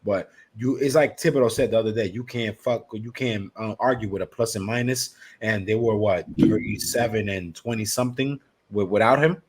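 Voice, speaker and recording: A man from New co-hosting a casual sports podcast, excitable and profane as he hypes up his ideas. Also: lowish voice, moderate pace, breathy edge. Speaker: podcast co-host.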